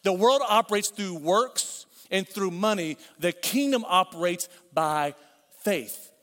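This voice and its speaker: A man's voice: sits high, lively intonation, unhurried, a bit bright. A middle-aged man preaching a sermon as pastor, conversational, with repeated phrases and asides. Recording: long hall reverb.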